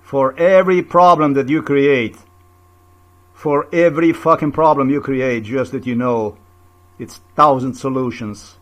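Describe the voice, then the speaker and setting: A man's voice: mid-range voice, unhurried, fairly bright tone. A man in a confrontational, repetitive video rant, full of rhetorical questions and swearing. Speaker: vlogger. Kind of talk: angry personal video rant.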